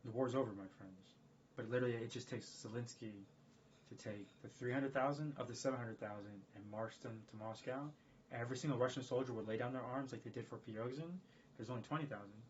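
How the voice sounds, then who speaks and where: A man talking casually on a livestream in a rambling, profane, excitable way. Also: mid-range voice, slight background noise. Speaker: streamer. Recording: dull lo-fi stream audio.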